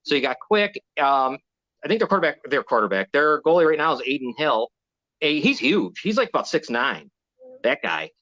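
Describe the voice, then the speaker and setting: A man's voice: fairly high pitch, very animated, normal speed, pushed and bright. A man hosting a casual sports show, rambling and hesitant, often restarting his sentences. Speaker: host. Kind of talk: casual sports betting chat. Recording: dull lo-fi sound.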